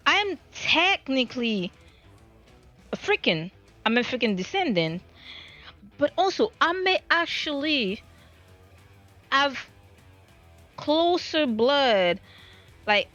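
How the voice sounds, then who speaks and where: A woman's voice: fairly high pitch, fairly bright tone. A woman streamer talking in a casual live-stream monologue, rambling and flustered, often stammering and restarting her sentences.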